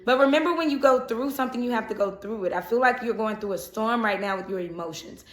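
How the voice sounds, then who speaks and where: A woman's voice: fairly high pitch, quick pace, roomy sound, a little hiss or hum. A woman giving a casual, chatty tarot reading who often laughs. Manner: chatty, laughs and breaks into song. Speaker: tarot reader.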